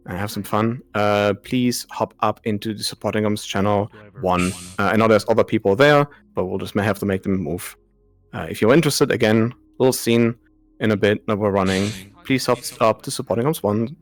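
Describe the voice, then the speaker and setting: A man with a fairly low voice makes a quick, casual announcement to a group. He is relaxed and hesitant, with frequent fillers. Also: faint music behind. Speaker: event organizer.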